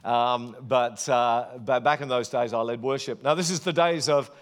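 A man's voice: medium pitch, normal speed. A man preaching a sermon, telling a personal story in an earnest, conversational way.

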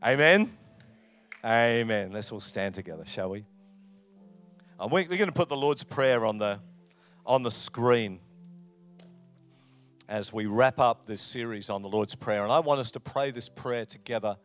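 A man, a pastor preaching a sermon, with loud emphatic lines and quiet asides. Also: mid-range voice, expressive, measured pace, pauses often, soft background music. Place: church.

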